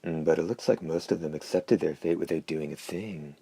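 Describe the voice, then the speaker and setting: A man voicing a hoarse, wryly probing talking hand in an audiobook, in a dry, mocking manner. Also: very deep voice, moderate pace, dark tone, exaggerated voice. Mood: deducing. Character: hoarse wry talking left hand, male. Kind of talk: audiobook character voice.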